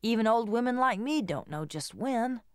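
A woman voicing a fond, patient old grandmother who chides children slowly and gently. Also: a little high, expressive, smooth, dry recording, clean studio sound, voice pushed up, close to an everyday voice. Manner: slow, gently chiding. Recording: guitar music behind.

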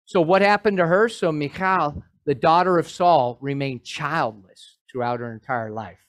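A male pastor preaching a sermon in an animated way, with joking asides to his congregation. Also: a little high, unhurried.

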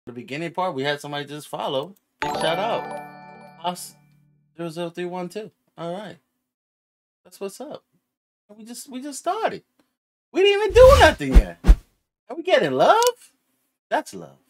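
A man hosts his stream in loose, excitable chat full of slang and the odd curse word. His pitch swings up and down with lots of life in it. There's faint music playing under him.

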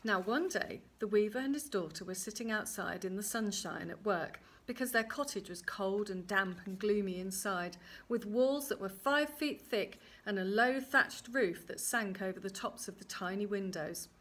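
A woman storyteller reading a traditional fairy tale aloud in a gently expressive way. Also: medium pitch, normal speed.

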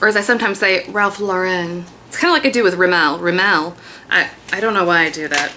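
A woman in her thirties chatting excitedly about a mail haul in a casual vlog. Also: on the low side, very fast, a little hiss or hum. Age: 30s. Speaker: beauty vlogger. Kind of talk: casual haul video chat.

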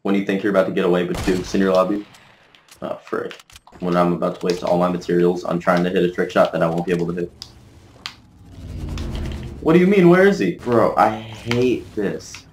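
Excitable man in a roomy echo. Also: sits low, a little fast, slight background noise. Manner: excitable, mildly cursing, trash-talking opponents. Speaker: gaming video creator. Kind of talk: live gameplay commentary.

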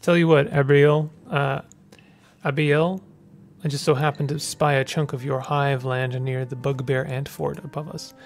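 A smooth-talking whiskered creature burglar with a taste for treasure, read aloud by a man from a video game. His voice sits a little high for a man, and he flatters and schemes in a theatrical way. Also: unhurried. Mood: scheming. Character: suave whiskered male creature thief, treasure-loving schemer. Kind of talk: reading game dialogue aloud.

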